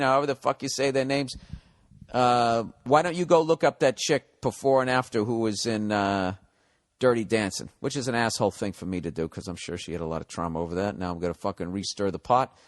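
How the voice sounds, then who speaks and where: A man's voice: mid-range voice, fairly even intonation, a little fast. A man hosting his own podcast, talking in a casual, rambling monologue that is blunt, joking and full of swearing. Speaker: podcast host.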